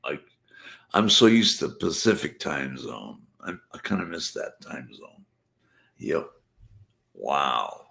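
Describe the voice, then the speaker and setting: A man's voice: very deep voice, sing-song, slow pace, gravelly, long pauses, bright, forceful tone. A man hosting his own late-night live stream, rambling casually to the chat. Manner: rambling, drifting, talking to the chat. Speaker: channel host.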